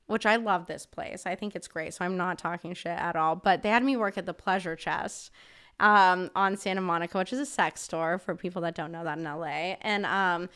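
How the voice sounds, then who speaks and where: A woman's voice: lowish voice, a bit bright, smooth. A woman guest on a podcast telling a story in a casual, chatty way, filling her talk with "like" and swearing freely. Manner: chatty, filler-heavy with frequent "like", swears freely.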